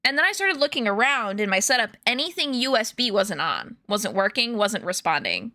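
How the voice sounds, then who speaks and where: A young woman with a bright, slightly high voice talks casually to her stream viewers from home. She rambles through a story, full of "like" and "um". The sound is close and dry, with no room echo. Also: very animated, moderate pace. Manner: chatty, rambling storytelling with many fillers and laughs.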